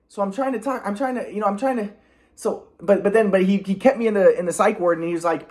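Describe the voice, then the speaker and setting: A man telling a long personal story in a rambling monologue, halting often with restarts and repeated words and clearing his throat. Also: high voice, animated. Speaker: vlogger.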